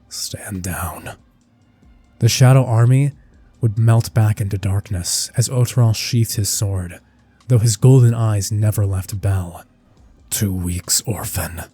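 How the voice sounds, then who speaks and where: A man's voice: on the low side, warm tone, husky. A man narrating a dramatic anime fan-fiction story with intense storytelling that rises and falls with the action.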